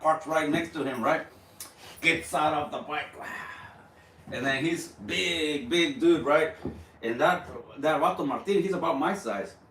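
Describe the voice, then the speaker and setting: A man hosting a live stream, telling a story in a casual, animated way, stumbling over repeated words and dropping Spanish slang. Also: a little high, a little slow, a little hiss or hum. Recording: roomy, distant mic, faint background.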